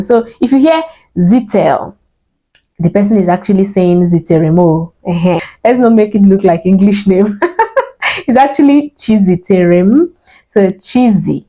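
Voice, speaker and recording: Woman teacher, slow deliberate delivery, warm low-key voice. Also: low-quality recording. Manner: repeats each word slowly, light laughter. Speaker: language teacher. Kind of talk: slow spoken lesson on name meanings.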